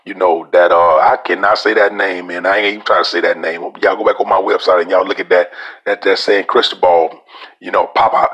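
A man's voice: sits low, steady tone, fairly quick, fairly bright tone, highs cut off. A man hosting a podcast, casually reviewing a cigar in a folksy, drawling way. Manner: folksy, drawling, addresses listeners as y'all. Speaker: podcast host.

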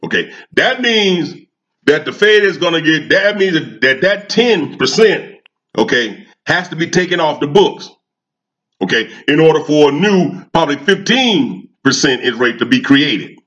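A man's voice: a little high, very animated, moderate pace, fairly bright tone, muffled recording. A man, a cigar vlogger talking in a fired-up casual monologue, repeating himself and asking his audience questions.

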